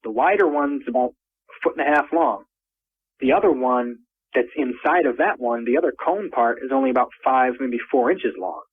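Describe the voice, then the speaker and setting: Man, husky, calling in over a narrow phone line, rambling first-person storyteller who repeats himself. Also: normal speed. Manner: rambling, repeats words, climbs in pitch when excited. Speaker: caller recounting an encounter.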